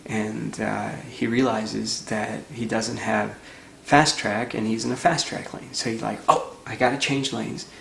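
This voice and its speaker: A man's voice: fairly low pitch, fairly even intonation, measured pace, gravelly, reverberant, heavy background noise. A man who founded a nonprofit, telling a story in an earnest, conversational way with plenty of fillers. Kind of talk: storytelling talk.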